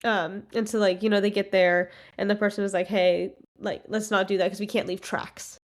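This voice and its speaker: A woman's voice: mid-range voice, little pitch movement, moderate pace. Woman casually recapping a book. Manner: rambling retelling with many likes and quoted lines. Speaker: podcast co-host.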